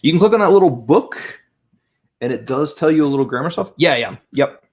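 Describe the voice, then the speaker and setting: A man's voice: a little high, expressive, fairly quick. A man hosting a casual live stream, chatting and thinking aloud as he tries an app and repeats practice phrases. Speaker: language-learning channel host.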